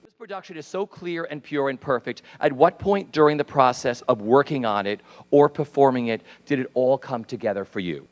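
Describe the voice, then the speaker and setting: A man moderating a live Q&A, asking measured, direct questions. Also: medium pitch. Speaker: interview moderator. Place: stage before a live audience. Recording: hall reverb.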